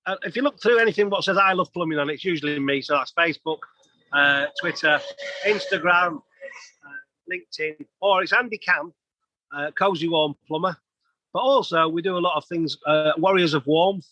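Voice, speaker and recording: A man, sitting in as a guest and telling stories in a chatty, rambling way full of restarts. His voice sits a touch high for a man. The sound is dry and close. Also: normal speed, sharp tone, dry recording, muffled recording. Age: 50s. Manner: chatty storyteller, many restarts. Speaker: guest, plumber. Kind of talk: casual podcast interview.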